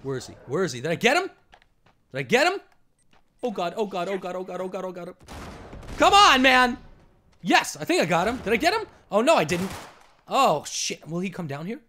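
A man doing let's play commentary, excitable, swinging between yelling and muttering. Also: sits high, a little fast, pauses often. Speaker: gameplay commentator.

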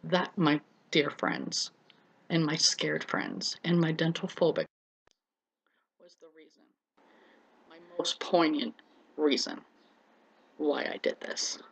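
A middle-aged woman tells her own story in an earnest personal vlog, addressing viewers as friends and repeating words for emphasis. Her voice is low-pitched, slow and slightly rough with vocal fry and long pauses, and the audio is poor.

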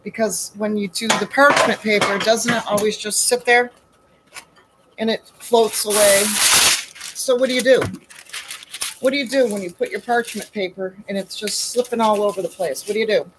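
A woman's voice: mid-range voice, fairly even intonation, normal speed, noisy background. Chatty woman baking at home. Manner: chatty, asks rhetorical questions, calls viewers honey and sweetie. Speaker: home baker and host. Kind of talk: chatty live baking demo.

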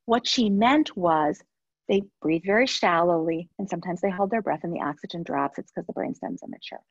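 A woman's voice: mid-range voice, expressive, a little fast, breathy edge, no room sound, dull audio. A woman speaking at a professional webinar, telling a personal story from her time as a parent and turning it into advice, earnest and given to repeating phrases. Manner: earnest storytelling, with repetitions and soft trailing asides.

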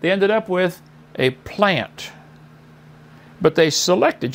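A man's voice: sits high, gravelly. A middle-aged man debating in a mocking, lecturing way, repeating his points.

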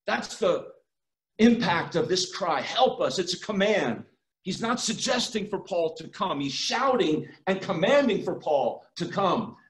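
A man's voice: high-pitched, sing-song, a little slow. Emphatic preaching man, echoey room. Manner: emphatic preaching, swinging between loud and quiet. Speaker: pastor. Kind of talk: sermon. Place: church.

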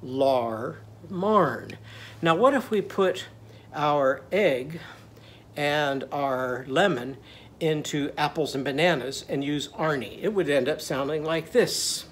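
Animated teacher telling a children's story. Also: medium pitch, measured pace, a little hiss or hum. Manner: animated, leads call-and-response. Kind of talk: storytelling lesson for young children.

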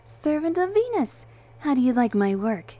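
A woman's voice: high-pitched, expressive, measured pace, a little mellow, slightly rough, pitched above the performer's own voice, full character voice. A woman voicing a bubbly, mischievous female love angel who giggles and speaks in a singsong way. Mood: cheerful.

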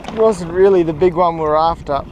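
A man's voice: fairly high pitch, brisk, a little mellow, highs cut off, slight background noise. A young man with an Australian accent giving chatty, joking commentary while fishing outdoors on the water. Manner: chatty, joking, self-mocking. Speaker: fishing vlogger. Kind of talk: casual running commentary. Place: outdoors on open water on a small raft. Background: music.

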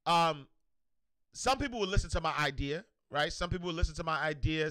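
A man hosting a motivational livestream, animated and slangy, repeating himself and shouting out viewers. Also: fairly high pitch, quick pace, no echo, studio quality. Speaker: show host.

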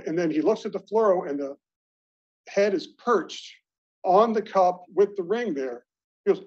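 A man's voice: fairly high pitch, brisk, husky. A middle-aged man from Baltimore telling self-deprecating stories as a speaker at an alumni meeting, in a conversational way. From Baltimore, United States. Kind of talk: anecdotal speech to colleagues. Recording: dull lo-fi recording.

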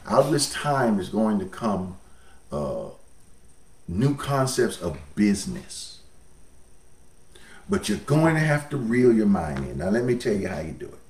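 A man's voice: fairly low pitch, big pitch swings, a little slow, long pauses, darkish tone, echoey room, distant mic. A man preaching a sermon as pastor, folksy, his voice swelling up and dropping down.

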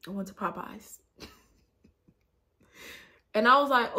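A woman, chatting casually in a vlog with a sore throat, animated and laughing often. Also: on the high side, takes it slowly, pauses often. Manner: animated, laughs often, acts out her own reactions. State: sore throat after a cold. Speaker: vlogger.

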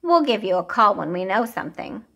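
A woman's voice: medium pitch, very animated, brisk, vocal fry, a bit bright, exaggerated voice. A woman voicing a pompous male doctor in a storybook read-aloud, announcing with mock authority. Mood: explaining.

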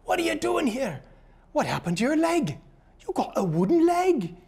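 A man putting on a pirate accent to voice a gruff pirate in a bar. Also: very high-pitched, sing-song, moderate pace, a little mellow, voice pushed up, heavily acted. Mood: mocking. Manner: growling arr.

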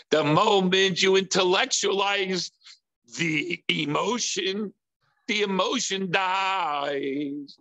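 A man's voice: takes it slowly, pushed and bright. A man preaching a sermon, asking rhetorical questions with emphasis. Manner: acts out impulsive voices in a high whiny pitch. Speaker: rabbi teaching.

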